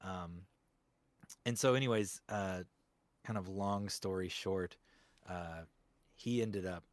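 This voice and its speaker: A man's voice: low-pitched, slow pace, no echo. A man, a voice actor, talking reflectively in a casual interview, rambling with lots of fillers. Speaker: guest voice actor.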